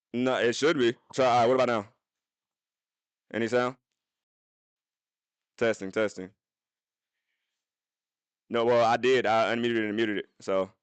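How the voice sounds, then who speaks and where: A young man streaming from his phone, telling a profane story to his chat in an animated way, with sudden jumps into high voices. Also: smooth, no room sound.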